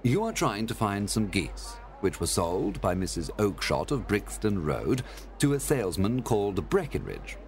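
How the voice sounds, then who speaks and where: A man voicing a calm, clever male detective who explains things precisely, in a storybook reading. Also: fairly low pitch. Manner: measured, explaining.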